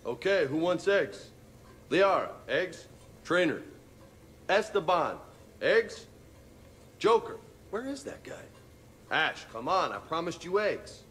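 A hearty young marine. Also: male voice, on the high side, sing-song, takes it slowly, pauses often, a bit bright, slight background noise, full character voice. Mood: cheerful. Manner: hearty, calling out to people. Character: cheerful young male marine cooking breakfast. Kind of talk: video game voice acting.

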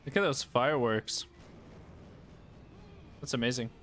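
A man casually commentating his gameplay, excitable, often laughing and yelping at what happens on screen. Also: mid-range voice, unhurried, soft background music. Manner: excitable, laughs and yelps at the game. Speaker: gaming YouTuber.

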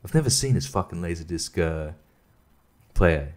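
A man's voice: low-pitched, expressive, normal speed, darkish tone. A young man hosting a casual solo podcast, rambling and swearing, often laughing at himself. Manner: rambling, profane, self-mocking with frequent laughs. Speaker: podcast host.

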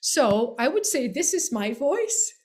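Woman, singing teacher, fairly high voice, friendly explanatory lesson, playful touch. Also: big pitch swings, takes it slowly, darkish tone. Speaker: singer and voice teacher. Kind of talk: recorded presentation lesson.

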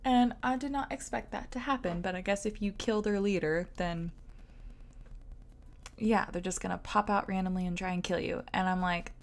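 Casual gameplay commentary comes from a giggly, chatty young Southern woman whose speech is sprinkled with "like." She speaks in a mid-range voice at a moderate pace.

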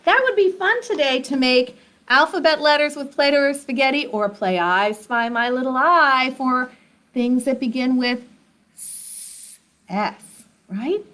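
A woman hosting a children's sing-along activity lesson, who talks slowly and encouragingly, straight to young children at home. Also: high voice, lively intonation, pushed and bright. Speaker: children's program host.

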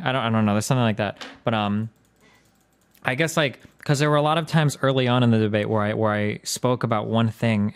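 A man's voice: fairly low pitch, clear, resonant tone. A man hosting a livestream, talking casually and rambling, correcting himself often and filling gaps with "like" and "um". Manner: rambling, self-correcting, lots of "like" and "um". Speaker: streamer and debate host.

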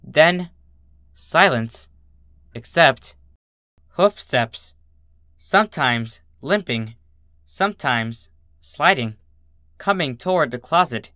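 A man narrating a dark story in first person with a slow, halting delivery. His voice is bright and somewhat high, recorded close in a dry space. The reading sounds tense throughout. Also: lively intonation, no echo. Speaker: fanfiction reader.

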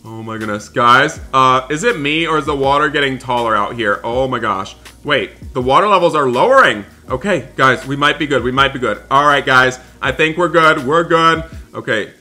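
A man narrating a game roleplay with anxious excitement, often repeating himself. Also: mid-range voice, moderate pace, hardly any pauses.

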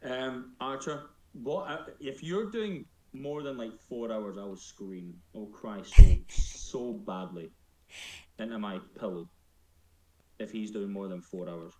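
A man's voice: on the low side, unhurried, mellow, echoey room. A man chatting casually on a live stream, joking and teasing himself. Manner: playful, joking, self-mocking.

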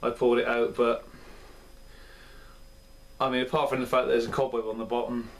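A man's voice: mid-range voice, level tone, moderate pace. A man hosting his own beer review video, talking in a chatty, rambling and self-deprecating way. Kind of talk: casual chat. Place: indoor room at home.

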